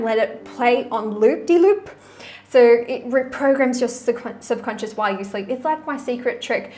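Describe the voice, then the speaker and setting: A woman's voice: a little high, slight background noise. A woman relationship coach talking to camera in a casual vlog, chatty and frank, with mild swearing.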